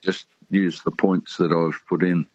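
Deep-voiced older Australian caller. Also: male voice, dry recording. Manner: relaxed, rambling, many pauses and ums. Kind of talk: casual phone chat. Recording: dull phone-in line.

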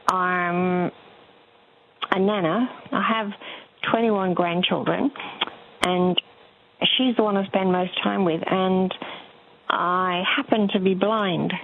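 A woman in her seventies calling in to a talk show, telling a story with laughs. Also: medium pitch. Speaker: caller. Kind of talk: phone-in chat. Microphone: telephone. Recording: tinny phone line.

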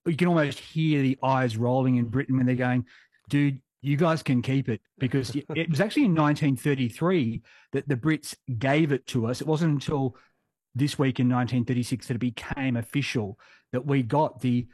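Witty Australian history storyteller. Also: male voice, mid-range voice, a little fast, a little mellow, no echo. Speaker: history podcast guest. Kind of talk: casual chat.

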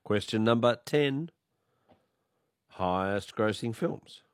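A man's voice: on the low side, animated, slow pace, dry recording, studio quality. A man hosting a talkback radio quiz, chatty and jovial, his voice stuffy and snuffly. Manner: chatty and jovial, laughs often.

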